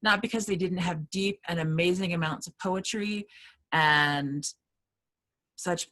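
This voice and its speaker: A woman with a low voice teaching a relaxed class on poetry. She talks in a loose, rambling way, full of fillers and restarts. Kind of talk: casual lecture.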